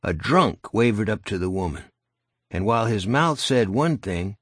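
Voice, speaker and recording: A man's voice: lowish voice, animated, normal speed, husky, no echo. A man narrating an audiobook in a dry, wry storytelling manner, close to the mic. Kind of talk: scripted narration.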